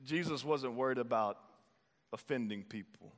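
A man's voice: medium pitch, normal speed. A man preaching a sermon as pastor, conversational and playful, slipping into acted voices for emphasis. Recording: long hall reverb.

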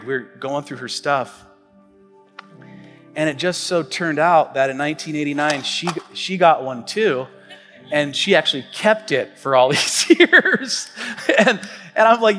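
A man in his forties, a pastor delivering a sermon in a relaxed storytelling way, full of fillers and restarts. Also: mid-range voice, big-room sound. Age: 40s. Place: church stage.

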